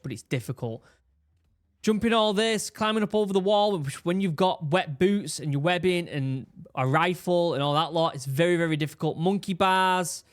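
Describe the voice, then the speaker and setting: Animated ex-marine commentator. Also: male voice, fairly high pitch. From England. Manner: animated, exclaiming, with repeated restarts. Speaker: reaction video host, former Royal Marine. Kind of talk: casual commentary reacting to video.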